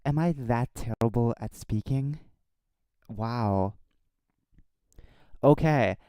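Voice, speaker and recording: Casual male streamer, smooth, dry close-mic sound, rambling and self-correcting. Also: mid-range voice, slow, warm tone, no echo. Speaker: live-stream host. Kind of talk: casual live-stream chat and news reading. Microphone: desk microphone.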